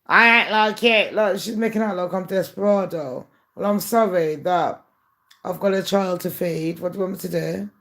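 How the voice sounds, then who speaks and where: A woman's voice: on the low side, fairly even intonation, normal speed, darkish tone. A woman talking straight to her viewers in a candid, aggrieved monologue. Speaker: YouTuber. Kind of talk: casual monologue to camera.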